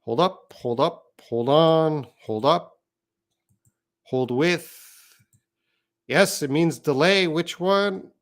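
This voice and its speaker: A man's voice: on the high side, slow, pauses often. A man teaching an English lesson on a live stream, reading out viewer comments and explaining patiently.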